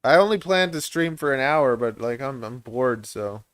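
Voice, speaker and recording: A man's voice: mid-range voice, expressive, moderate pace, fairly bright tone, dry recording. A man hosting a livestream, chatting in a rambling, self-deprecating way and laughing often. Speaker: livestream host and reptile breeder.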